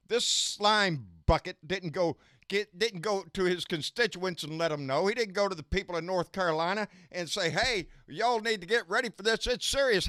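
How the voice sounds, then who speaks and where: A man chats and rants on his home live stream in a folksy, profane way. His voice sits high and sounds bright and forward. The recording is dry and close to the mic. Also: dry recording. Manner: folksy, profane, says "baby" a lot. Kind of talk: casual live-stream chat and rant.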